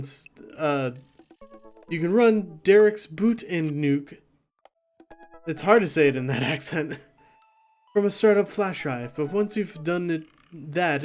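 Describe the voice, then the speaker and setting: A man doing a gothic victorian dad, all formal and theatrical, talks in an old-timey put-on accent, voice sits a bit high, a little music playing low behind him. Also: a little mellow, natural voice.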